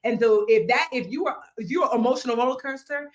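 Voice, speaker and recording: Fast-talking, with a voice on the high side, this woman in her thirties runs a live online money class as a financial educator. She's playful and chatty, addressing her viewers directly, tossing in asides, slang and bits of song.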